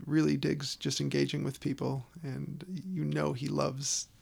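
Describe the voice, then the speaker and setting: Man, gravelly voice, slightly high, casual film chat, playful. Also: unhurried. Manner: animated, playful, slips into silly put-on voices.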